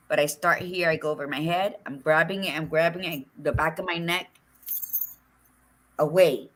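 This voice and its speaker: A middle-aged woman co-hosting a casual talk show, chatting in an expressive, frank and folksy way, with Spanish words mixed in. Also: sits low, moderate pace. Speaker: podcast co-host. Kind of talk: casual chat.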